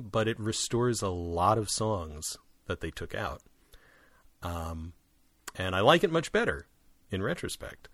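A podcast co-host talks about musicals in a casual, animated way, his pitch jumping up quickly for asides. His tone is fairly bright, with no echo.

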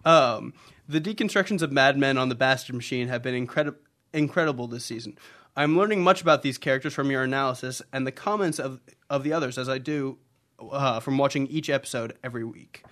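A man's voice: medium pitch, brisk, a bit bright. Playful man reading listener mail. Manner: reads letters aloud with playful put-on voices. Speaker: podcast co-host reading listener letters. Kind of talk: casual podcast chat.

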